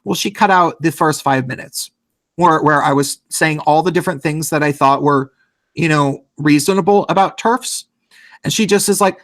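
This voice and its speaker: A man with a slightly high voice tells a long, rambling story in casual podcast talk. He leans on many fillers and throws in swearing as he goes. The sound is dry and close-miked. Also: moderate pace, dry recording.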